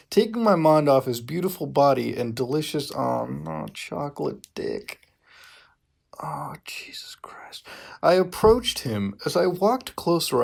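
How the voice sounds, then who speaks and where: A man's voice: medium pitch, creaky, darkish tone. A man reading fan fiction aloud for comedy, breaking in with profane, exasperated asides. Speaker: YouTuber.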